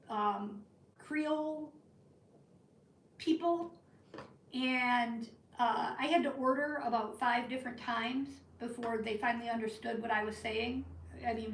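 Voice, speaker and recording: A woman telling a rambling story to her live chat from the northern United States, in an animated, chatty way. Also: a little high, slight background noise. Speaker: live-stream crafting host. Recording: roomy, from a distance.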